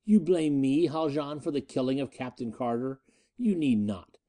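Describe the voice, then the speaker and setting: A man voicing a cunning, ruthless male space-pirate leader who speaks in a measured, coldly matter-of-fact way. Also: medium pitch, dark tone, lightly acted. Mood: cold, menacing.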